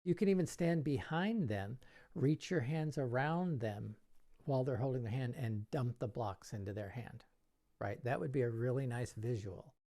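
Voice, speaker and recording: A man's voice: medium pitch, normal speed, creaky, warm tone. A middle-aged man coaching magicians in a chatty tutorial, acting out playful kids' show banter. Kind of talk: casual tutorial talk.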